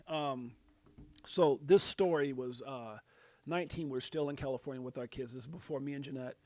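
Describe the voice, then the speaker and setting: A man's voice: medium pitch, a little fast, darkish tone, no echo. Rambling man hosting a live stream. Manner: rambling, many fillers and restarts, reads viewer names aloud. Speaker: crypto livestream host. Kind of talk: casual live-stream chat.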